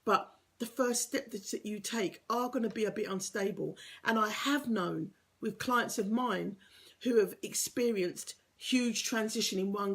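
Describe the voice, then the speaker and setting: A woman's voice: medium pitch, slightly rough. A woman giving an earnest, encouraging motivational talk as a life coach, sometimes dropping to a whisper for emphasis.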